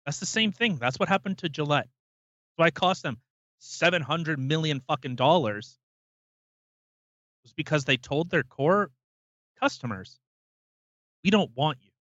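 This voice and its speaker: A man's voice: a little high, lively intonation, a little slow, pauses often, fairly bright tone, dry recording, muffled recording. A man co-hosting a podcast, ranting emphatically and swearing freely in casual chat. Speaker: podcast co-host.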